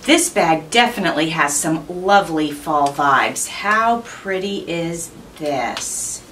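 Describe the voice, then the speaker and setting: A woman's voice: medium pitch, fairly bright tone, recorded from a distance, a little hiss or hum. A woman hosting her own craft channel, chatting through an unboxing with gushing enthusiasm. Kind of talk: unboxing narration.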